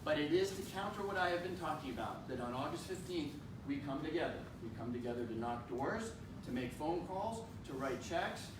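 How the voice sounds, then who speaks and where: An impassioned man gives a campaign speech in a very echoey room, picked up from a distance with a lot of background noise. His voice sits a little high, and he slows down to hammer home key points. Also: lively intonation. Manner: impassioned, emphatic, slowing for stress. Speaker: congressman. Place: indoor town political rally.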